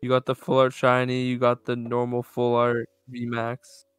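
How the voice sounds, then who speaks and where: A man's voice: medium pitch, monotone, moderate pace, soft background music. A young man chatting with friends and ribbing one of them in blunt banter. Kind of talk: casual chat.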